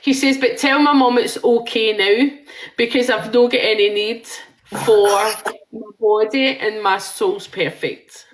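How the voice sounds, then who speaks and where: A woman's voice: on the high side, a little slow, slight background noise, poor audio. A Scottish woman in her forties giving a live psychic reading in a rambling, chatty way, swearing and laughing now and then.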